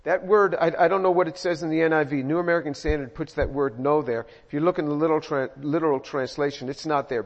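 Middle-aged guy preaching, kinda high voice, chatty and repeats words, long echo off a big room. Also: fairly quick. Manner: conversational, repeats words, animated asides. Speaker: pastor. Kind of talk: verse-by-verse sermon. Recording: muffled sound in a reverberant hall.

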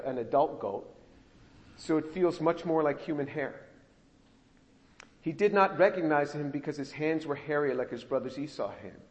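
A man's voice: fairly high pitch, in a large hall. A man teaching the Bible verse by verse, explaining each point and repeating phrases for emphasis, with wry asides.

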